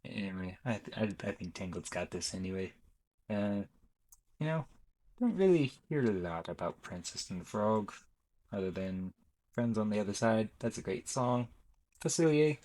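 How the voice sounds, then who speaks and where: A man's voice: lowish voice, animated, moderate pace, a little mellow, rough recording. A young man giving chatty, rambling commentary as he ranks films on his channel, often correcting himself mid-sentence. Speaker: YouTuber ranking films. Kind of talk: casual commentary.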